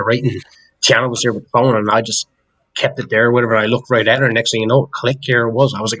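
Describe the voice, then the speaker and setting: A man telling a rambling, crude story among friends in a casual chat. His voice is husky and sits at a middle pitch, and he loads his sentences with fillers. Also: little pitch movement, fast, fairly bright tone, low-quality recording. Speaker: podcast co-host.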